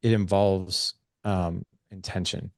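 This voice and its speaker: A man's voice: sits low, flat delivery, takes it slowly, gravelly, dry recording, clean studio sound. A man guest on a podcast, talking casually and loosely with many fillers as he tells stories and explains his ideas. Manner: loose, filler-heavy, storytelling. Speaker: podcast guest, men's coach.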